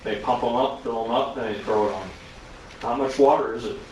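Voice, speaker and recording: Animated male safety trainer in echoey hall. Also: mid-range voice, fairly quick, distant mic, a little hiss or hum. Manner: animated storytelling with rhetorical questions. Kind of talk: classroom safety lecture. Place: arena recreation centre.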